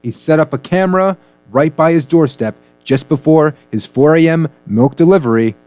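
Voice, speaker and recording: Punning comedy radio host. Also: male voice, a little high, normal speed, a little mellow, no room sound, faint music behind. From United States. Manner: jokey, punning, playful delivery. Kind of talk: comedic news banter.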